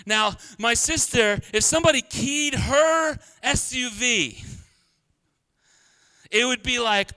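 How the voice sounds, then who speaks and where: A pastor preaching a sermon in a humorous, conversational way, laughing often. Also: male voice, extremely high pitch, takes it slowly, long pauses, pushed and bright, clean tone. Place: church.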